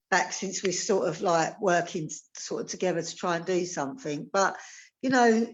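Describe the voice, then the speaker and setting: A woman speaking in a heartfelt, halting way, often repeating herself in a conversational interview. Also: medium pitch, lively intonation, highs cut off. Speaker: campaigner for a prisoner.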